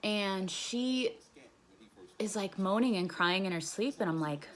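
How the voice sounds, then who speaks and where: A woman's voice: medium pitch, expressive, measured pace, slight background noise. A young woman casually recounting a personal story, rambling and swearing freely with lots of "like.". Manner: profane, rambling, heavy use of "like". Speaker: storyteller recounting her jail time.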